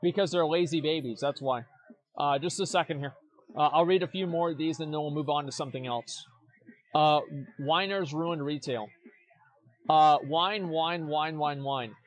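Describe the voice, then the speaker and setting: A young man streams himself reacting to forum posts, blunt and mocking, swearing freely and restarting sentences with repeated words. His voice is fairly high-pitched, at normal speed with frequent pauses. There's no echo.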